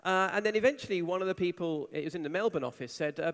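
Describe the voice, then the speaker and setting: Animated man speaking in a big hall. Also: high voice, fast talker, hardly any pauses. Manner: animated storytelling, acts out quoted voices. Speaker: conference speaker. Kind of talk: conference talk. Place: large conference hall. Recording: reverberant hall.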